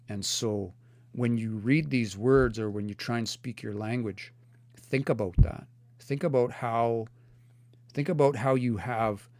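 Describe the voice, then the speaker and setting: A man's voice: mid-range voice, dry recording. Earnest man teaching live from home. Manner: thoughtful, earnest, restarts and repeats words while explaining. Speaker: language teacher on livestream. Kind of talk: casual live teaching, reading chat comments. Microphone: phone or computer mic for a livestream.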